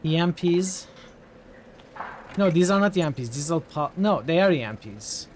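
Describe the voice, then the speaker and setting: A man's voice: on the high side, animated, moderate pace, a little hiss or hum. A man streaming a tactics game, giving casual live commentary as he thinks aloud, corrects himself and reacts with surprised exclamations.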